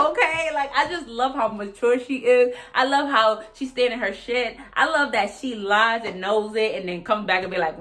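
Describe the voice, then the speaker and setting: A young woman vlogger in a casual, animated rant, swearing freely and jumping between topics, often mimicking other people. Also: on the high side, normal speed. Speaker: vlogger recapping reality TV. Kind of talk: casual chat.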